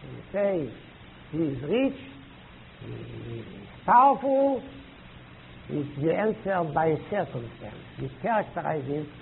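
A man teaching a class, halting and searching for words, with emphatic rising questions to students. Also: a little high, very animated, vocal fry. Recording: tinny lo-fi old tape recording with faint hiss.

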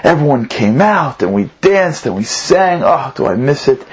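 A man's voice: on the high side, sing-song, moderate pace, husky, muffled recording, heavily acted. A man voicing an old European grandmother who gushes and reminisces with nostalgia. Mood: gushing.

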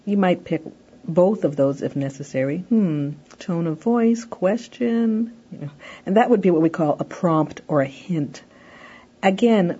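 A woman's voice: lowish voice, dark tone, breathy edge, dull audio. A woman lecturing on parenting, explaining steps in a conversational way and often saying "you know". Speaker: parenting educator. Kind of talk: recorded lecture.

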